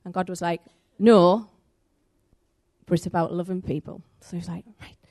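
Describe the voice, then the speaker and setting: Woman preacher, conversational church talk that slips into acting out the people in her story. Medium pitch, lively and chatty. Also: fast talker. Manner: animated, conversational, acts out the story's voices. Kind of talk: sermon with storytelling.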